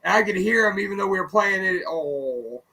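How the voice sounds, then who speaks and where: A man with a high, bright, ringing voice tells stories on a radio talk show. He is loose and profane, and he slips into the voices of the people he quotes. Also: lively intonation, moderate pace, poor audio. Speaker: co-host and musician. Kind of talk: casual radio chat, storytelling.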